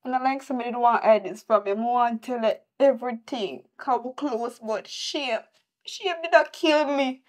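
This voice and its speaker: A woman's voice: a little high, moderate pace, lightly acted. A young woman with a Jamaican accent playing an ashamed daughter who pleads and defends herself to her mother. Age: young adult.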